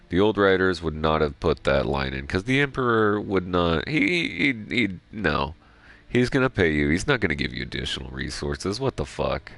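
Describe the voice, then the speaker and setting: Rambling gamer guy with an extremely low, gravelly voice, swears a lot, casual stream talk. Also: fairly bright tone. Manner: rambling, swears freely, self-reflective. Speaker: gaming streamer. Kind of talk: casual chat while playing.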